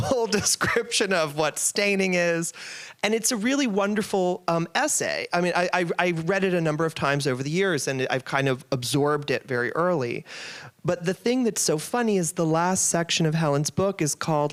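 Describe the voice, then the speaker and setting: A man's voice: a little high, normal speed, a bit bright, smooth. A young man interviewing a writer, phrasing his questions loosely with many "like"s and fillers.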